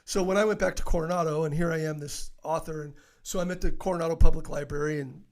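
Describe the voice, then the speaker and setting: A middle-aged man telling stories as an interview guest, animated and laughing often, full of fillers and restarts. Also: a little high, fast. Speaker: podcast guest, author. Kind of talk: casual interview storytelling.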